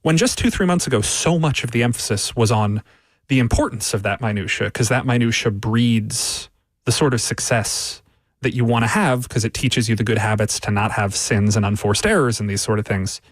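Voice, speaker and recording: A man on a sports radio show, talking through training camp with an analyst's steady reasoning. His voice is mid-pitched and the sound is close and dry, with no room around it. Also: moderate pace, no room sound. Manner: analytical, builds arguments with repeated phrases. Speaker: sports writer and radio guest.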